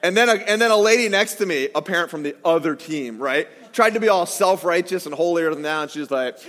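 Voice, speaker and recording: A man in his forties preaching a sermon, telling a self-mocking story and bursting into shouted quotes. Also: a little high, expressive, quick pace. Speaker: pastor. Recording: echoey hall reverb.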